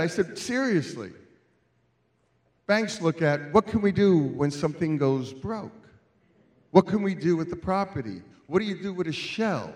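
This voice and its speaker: A high-voiced man preaches a sermon as a guest speaker at a church celebration. He moves from quiet storytelling to loud calls to the congregation.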